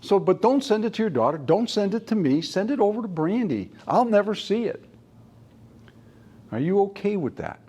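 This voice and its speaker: Man, mortgage lender, storyteller voice, slightly high, acts out both sides of calls. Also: big pitch swings, normal speed, mellow, husky. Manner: storytelling with acted-out dialogue. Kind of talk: training talk.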